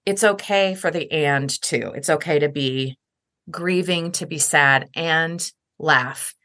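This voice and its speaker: A woman's voice: low voice, slow, pushed and bright. A middle-aged woman speaking earnestly and reflectively as a podcast guest, livening up when she quotes others. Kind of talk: heartfelt conversation.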